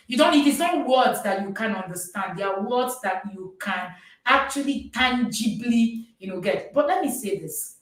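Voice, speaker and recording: A woman's voice: a little high, far from the mic. Woman, course host, emphatic and repetitive, set back from the mic in a very echoey room. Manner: emphatic, repeats herself for stress. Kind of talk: live-streamed course talk.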